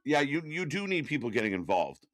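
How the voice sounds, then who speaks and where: A man co-hosting a live wrestling watch-along, chatty and quick to laugh, firing off questions. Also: mid-range voice, big pitch swings, a bit bright, dry recording, studio quality. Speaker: co-host.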